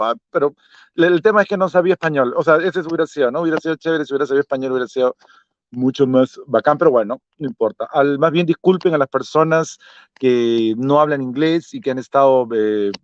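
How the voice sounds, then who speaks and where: A man's voice: fairly high pitch, dry recording. Guy hosting a live stream, chatty, laughs a lot, dry muffled stream audio. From Peru. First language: Spanish. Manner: chatty, laughs often, mixes English and Spanish. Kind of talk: casual live-stream chat.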